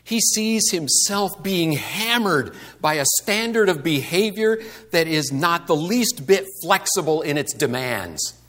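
A man's voice: on the high side, lively intonation, measured pace, few pauses, a bit bright. Man preaching a conversational sermon. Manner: conversational preaching with rhetorical questions. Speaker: pastor.

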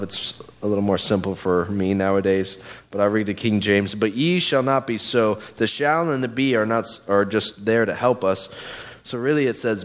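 Male preacher, lowish voice, loose conversational sermon style with lots of asides and fillers. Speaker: guest preacher. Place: church.

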